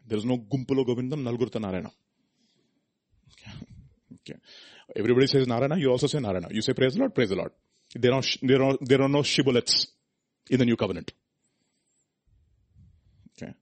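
In this sermon, a man with a medium-pitched, slightly rough voice asks rhetorical questions. His delivery moves back and forth between emphatic, loud lines and hushed asides.

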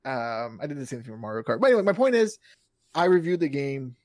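Casting: 30s male podcast co-host, animated, jumps up high for acted-out quotes, dry close mic. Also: fast, no room sound. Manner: animated storyteller, acts out quotes, laughs often. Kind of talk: casual chat.

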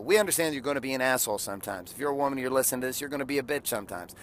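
A man of about forty, talking bluntly and crudely like a preacher, tells a long parenting story. His voice sits at an ordinary middle pitch. A faint hiss of noise runs under the recording. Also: animated, very fast. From California. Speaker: father and podcaster. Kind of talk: blunt motivational monologue.

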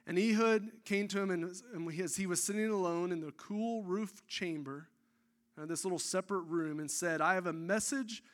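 An excitable man preaching, his voice pitched high for a man and ringing bright. He tells the scripture story dramatically, with casual, chatty asides to his listeners. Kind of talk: energetic sermon storytelling.

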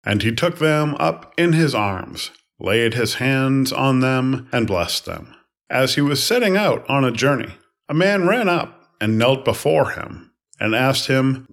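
A man reads scripture aloud in a calm, steady voice of middling pitch. His phrasing is even and unhurried, with each line set apart. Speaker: scripture reader. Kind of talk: measured scripture reading.

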